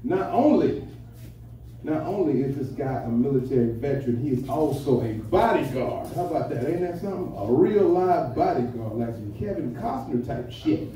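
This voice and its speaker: A man's voice: mid-range voice, animated, moderate pace, dark tone, recorded from a distance, highs cut off, a little hiss or hum. A man hosting a comedy night, bantering loosely and swearing, on a handheld mic in a nightclub. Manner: loose, swearing, hyping the crowd. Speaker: comedy show host. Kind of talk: stand-up emcee banter. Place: nightclub stage. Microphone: handheld stage mic. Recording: echoey club, voice from afar.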